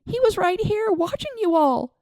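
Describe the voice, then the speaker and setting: A woman's voice: a little high, sing-song, moderate pace, creaky, dark tone, no echo, clean studio sound, pitched above the performer's own voice, heavily acted. A woman voicing an aunt who comforts a baby and a boy and cries out when the child goes missing. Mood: panicked. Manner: soothing, then panicked. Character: frantic aunt, a young woman caring for children.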